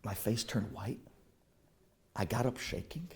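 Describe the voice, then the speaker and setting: A man's voice: on the low side, expressive, measured pace, darkish tone. A middle-aged man, a rabbi, telling a heartfelt story in a sermon, using Hebrew and Yiddish terms.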